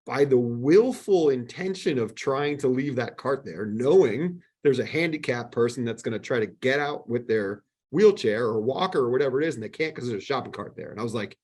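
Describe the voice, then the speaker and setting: Husky man telling animated stories. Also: mid-range voice, a little fast, few pauses. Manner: animated storyteller, acts out quoted exchanges. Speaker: podcast guest. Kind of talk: casual storytelling chat.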